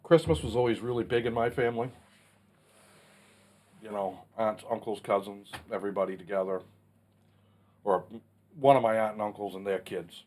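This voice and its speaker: His voice sits on the low side, a little mellow, with fairly even intonation, a moderate pace and frequent pauses. He's a man in his forties answering questions on his casual vlog, blunt and mildly profane, and he has the hiccups.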